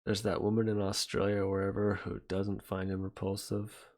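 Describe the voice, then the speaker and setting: A man's voice: sits low, completely flat delivery, normal speed, a little mellow. A young man hosting a casual livestream, chatting loosely and reacting to viewer comments as he rambles. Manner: rambling, reacts to chat, trails off. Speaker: livestream host reading chat.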